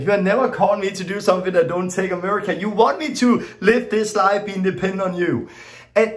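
A middle-aged man giving an informal teaching talk as a preacher, telling stories and acting out his own exclamations in plain, loosely worded non-native English. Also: high-pitched. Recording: echoey room.

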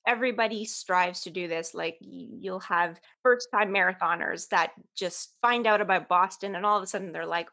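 A woman's voice: fairly low pitch, normal speed, hardly any pauses, pushed and bright. Woman podcast host introducing a guest.

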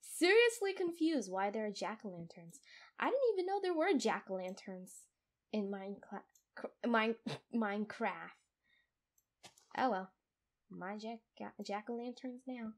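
A young woman narrates her own survival game from a home desk microphone, her voice sitting high and bright. She is jittery and easily startled, giggling and making fun of herself between frights. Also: sing-song, unhurried, long pauses. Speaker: gamer playing a survival game. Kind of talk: casual let's play commentary. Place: room at home.

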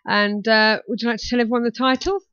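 A woman's voice: fairly high pitch, fairly even intonation, fast, fairly bright tone, smooth, no room sound. A woman hosting a casual talk show, chatty and hesitant with lots of fillers. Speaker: radio talk show host. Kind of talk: casual chat. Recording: muffled dry sound.

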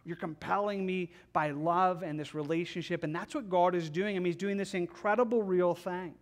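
A male pastor preaching in an earnest, pleading way, his voice sitting fairly high for a man. He often stumbles and restarts as he paraphrases scripture, and he keeps a steady sermon delivery throughout. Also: normal speed.

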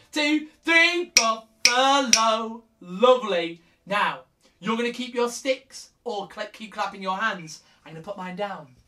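A woman's voice: fairly high pitch, a bit bright. A woman leading an interactive preschool music lesson, counting out words and coaxing children in a sing-song way.

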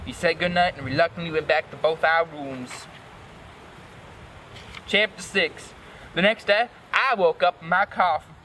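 Bright-voiced man giving a deadpan reading. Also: high voice, slight background noise, poor audio. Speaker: dramatic reader. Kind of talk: comic dramatic reading of fan fiction.

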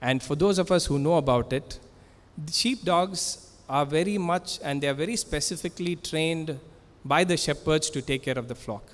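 A man's voice: fairly high pitch, normal speed, long reverb tail. A man preaching a sermon in earnest, emphatic, repetitive phrases, recorded in a church. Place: church sanctuary.

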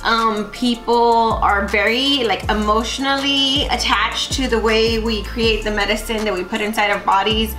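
A woman's voice: fairly high pitch, steady tone, normal speed, few pauses. A young woman from Texas, talking to her camera at home in a casual vlog, rambling with lots of fillers. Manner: talkative, rambling with many fillers. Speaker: vlogger. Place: room at home. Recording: echoey room, faint music behind.

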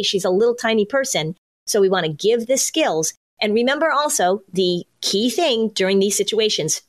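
A middle-aged woman hosts a parenting podcast and talks through advice in a relaxed, conversational way. She slips into quick acted lines for parents and children as she explains. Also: mid-range voice. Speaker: podcast host, parenting anxiety expert. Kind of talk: casual advice podcast chat.

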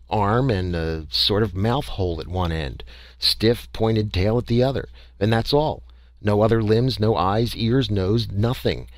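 A man reads a story aloud in a measured, first-person storytelling manner. His voice sits on the low side. It is captured on a close mic with a dry, dead sound. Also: no echo. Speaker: audiobook narrator. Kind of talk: scripted audiobook narration.

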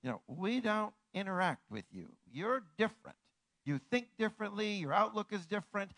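A man pastor preaching a sermon, his voice rising and falling widely as he moves between quiet, drawn-out phrases and loud, declaring lines. He sits somewhat higher than most men, and the sound is dry and close with no room echo. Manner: animated, swings from hushed to ringing declarations.

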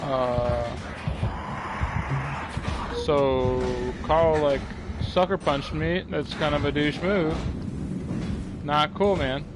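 A man's voice: fairly high pitch, very slow, long pauses, loud music behind the voice. A young man streaming a video game, joking and talking back to the characters on screen. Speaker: gaming streamer. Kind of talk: let's play commentary.

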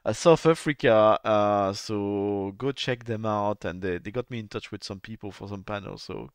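A man hosting a podcast interview, easygoing and filling pauses with "uh". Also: fairly low pitch, clear, resonant tone, no echo. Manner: easygoing, with filler "uh"s. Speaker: podcast host. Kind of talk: casual interview chat.

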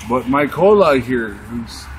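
A drunk man rambles at a crawl, his pitch swinging high and low as he loses his thread, as a young man puts him on for friends. He talks slowly and halts over filler after filler, and faint noise sits behind him. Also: expressive, close to an everyday voice. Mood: rambling drunk. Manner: slow, rambling, halting with many fillers. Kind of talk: amateur comic impression among friends.

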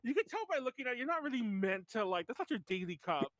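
High, lively podcast host, dry sound. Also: male voice, no room sound. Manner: lively, quick to laugh, hurries the segment along. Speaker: podcast host leading the tier list. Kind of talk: casual chat.

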